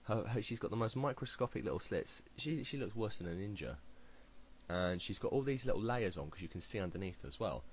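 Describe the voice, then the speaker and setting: A man's voice: lowish voice, expressive, a little fast, slight background noise, poor audio. A British man delivering a heated, blunt opinion rant to camera, swearing freely. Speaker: video blogger. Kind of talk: ranting opinion commentary.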